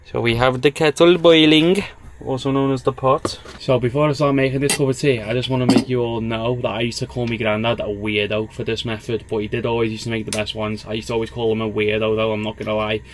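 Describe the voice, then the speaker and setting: Talking to the camera in a cramped van, a young man rambles along in a middle-pitched voice. A faint sizzle of frying sits quietly behind him. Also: little pitch movement, quick pace, noisy background. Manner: chatty, rambling, filler-heavy. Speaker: travel vlogger. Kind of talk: casual vlog chat to camera. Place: inside a small campervan.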